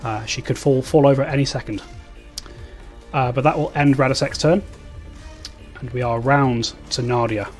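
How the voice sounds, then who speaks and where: A man's voice: medium pitch, steady tone, soft background music. A man narrating a tabletop role-playing game as game master, stopping and restarting often. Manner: halting narration with many fillers and restarts.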